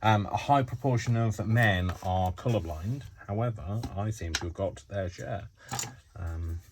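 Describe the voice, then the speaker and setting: A man's voice: fairly low pitch, measured pace, noisy background. A man hosting a casual craft tutorial, chatting and rambling to himself as he works. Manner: chatty, rambling, self-talking while working.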